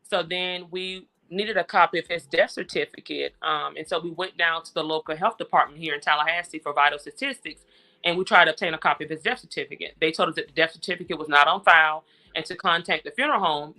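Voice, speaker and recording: A grieving mother speaks as an interview guest, giving a personal account in conversation in a bright, forceful, deep voice. She talks fast and sounds worn down and frustrated, yet she steadily retells each exchange in detail.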